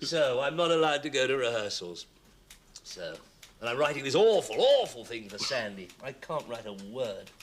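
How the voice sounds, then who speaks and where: An actor playing a wry, theatrical playwright. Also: male voice, medium pitch, sing-song, normal speed, close to an everyday voice. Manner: ironic, theatrical storytelling with laughs. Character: witty self-mocking middle-aged playwright. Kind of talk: 1970s British TV sitcom acting. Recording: old TV sound with faint hiss.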